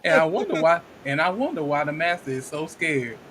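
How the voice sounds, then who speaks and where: A man's voice: a little high, very animated, a little fast, fairly bright tone, slight background noise. Dry-joking man co-host. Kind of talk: casual live-stream chat.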